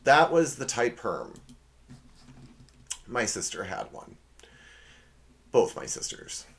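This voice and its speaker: A man hosting a comedy podcast, talking through a casual monologue with sarcastic, rambling asides and quick self-corrections. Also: medium pitch, wildly swooping pitch, gravelly, fairly bright tone. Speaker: podcast host.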